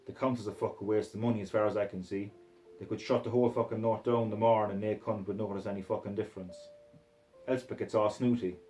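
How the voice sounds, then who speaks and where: A man's voice: lowish voice, steady tone, fast, dark tone, soft background music, poor audio. A man reading a crude novel aloud in a put-on Scottish accent, in a profane, aggressive first-person voice. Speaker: reader.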